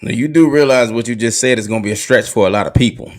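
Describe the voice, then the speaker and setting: A laid-back man hosting a podcast, talking candidly with easy slang from a car. His voice is an ordinary middle pitch for a man, with a relaxed, questioning way of talking. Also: quick pace. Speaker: podcast host. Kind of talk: casual conversation.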